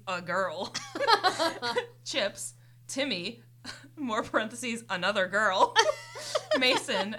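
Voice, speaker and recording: A woman's voice: mid-range voice, pushed and bright, slight background noise. A woman voicing a 1940s news anchor reading a newspaper piece aloud, with bursts of giggling between phrases.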